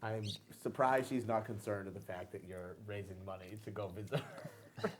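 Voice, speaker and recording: A man co-hosting a casual podcast, probing and teasing his friends in quick banter. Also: on the low side, background noise. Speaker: podcast co-host. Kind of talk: casual chat.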